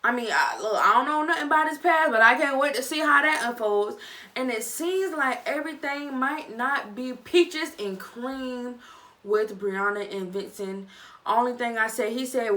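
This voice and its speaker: A young woman vlogger giving a casual, chatty review, with animated, dramatic reactions. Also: fairly high pitch, moderate pace, recorded from a distance. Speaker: vlogger reviewing a reality show. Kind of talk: casual chat.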